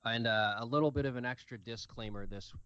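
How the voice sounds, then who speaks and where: A man's voice: medium pitch, brisk, fairly bright tone, clean tone, dry recording. A man hosting a casual show and reading fan fiction aloud as narrator, with a few fillers, recorded dry and slightly dull. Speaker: host and narrator.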